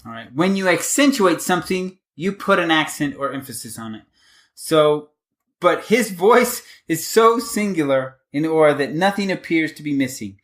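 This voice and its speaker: A podcast co-host with a slightly high, animated, fairly bright voice helps run a vocabulary show. He reads example sentences and a poem in a measured way, and word histories draw surprised, interested reactions from him.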